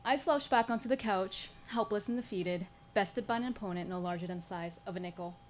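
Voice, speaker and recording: Woman storyteller on stage, dry funny asides, mid-pitched voice, slight hiss in the background. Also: fairly quick. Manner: wry, humorous, dry asides. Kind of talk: live storytelling performance. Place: stage at a live storytelling showcase.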